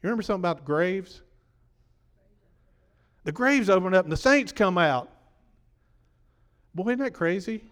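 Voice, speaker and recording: A man preaching in a high voice, worn from a day of sermons. He talks conversationally and keeps quizzing the congregation. His voice rings with the long reverb of a large hall. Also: expressive, normal speed, pauses often, a bit bright.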